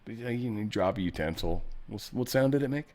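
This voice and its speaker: A man's voice: expressive, a little fast. Rambling, joking male host. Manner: swings pitch and loudness a lot. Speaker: show host. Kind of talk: casual news commentary.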